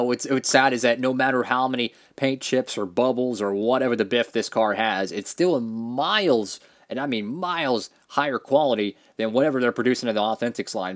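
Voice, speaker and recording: A man giving a casual, opinionated review of collectible model cars, rambling with restarts, from his home studio. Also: medium pitch. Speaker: diecast reviewer.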